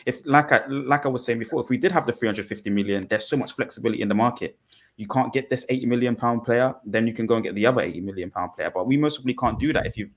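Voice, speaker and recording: A man talking things through deliberately on a fan podcast panel, with many pauses and restarts. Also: medium pitch. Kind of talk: measured fan podcast discussion.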